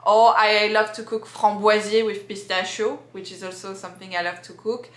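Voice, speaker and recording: A woman's voice: mid-range voice, flat delivery, normal speed, fairly bright tone. A young woman from France with a French accent, chatting casually in a vlog with many fillers and restarts. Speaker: vlogger. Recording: echoey room.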